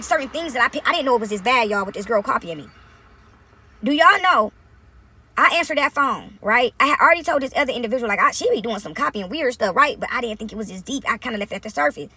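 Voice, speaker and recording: A woman, casually telling a personal story to viewers in an animated, direct way, often asking "right?". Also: high-pitched, breathy edge. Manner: animated, talks straight to viewers with frequent "right?".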